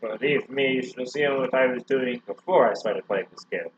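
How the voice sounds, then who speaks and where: A man's voice: mid-range voice, normal speed, slight background noise. A man commentating a video game as a joke, hamming up a mock Russian accent. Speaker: let's play co-host. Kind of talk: joking gameplay commentary. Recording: dull lo-fi recording.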